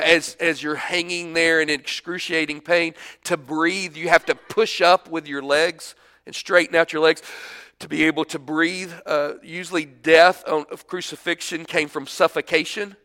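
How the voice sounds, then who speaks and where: Bright-voiced preacher with swinging intensity. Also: male voice, on the high side. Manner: emphatic, swings from loud to hushed. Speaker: pastor. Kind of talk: sermon.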